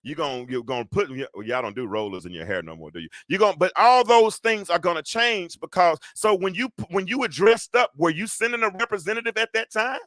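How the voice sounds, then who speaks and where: A middle-aged man talks through a solo talk show like a preacher, joking and calling on his listeners for agreement. His voice sits a little high and sounds bright and forceful. The recording is dry and close. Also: animated, fairly quick, few pauses, dry recording. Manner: preachy, joking, asks the audience for amens. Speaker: host.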